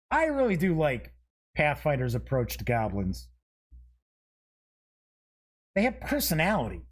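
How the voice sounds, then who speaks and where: Slow-talking man with a higher voice. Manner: reads card names aloud one by one with short asides; chuckles at himself. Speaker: show host. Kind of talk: casual unboxing commentary.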